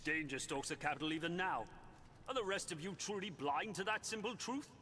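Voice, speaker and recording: An actor playing a doubtful knight who asks probing, challenging questions. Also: male voice, fairly high pitch, a little fast, bright, forceful tone, slight background noise. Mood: skeptical.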